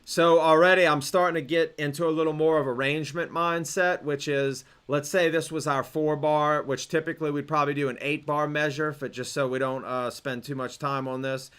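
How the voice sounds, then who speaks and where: A young man explaining beat programming in a relaxed tutorial, with fillers and restarts. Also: on the high side, brisk, few pauses, clear, resonant tone, soft background music. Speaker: music production instructor. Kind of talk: screen-recorded tutorial.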